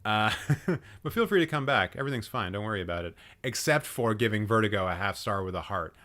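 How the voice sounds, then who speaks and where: A man's voice: fairly low pitch, animated, fast talker, pushed and bright. A young man hosting a live stream, roasting a viewer's film ratings with exasperated, sarcastic commentary and plenty of swearing. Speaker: livestream host.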